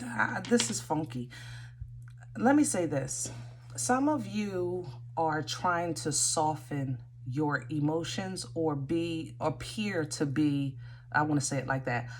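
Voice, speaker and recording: A woman's voice: low voice, a bit bright. A woman giving a casual tarot reading, thinking aloud with many fillers and restarts. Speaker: tarot reader.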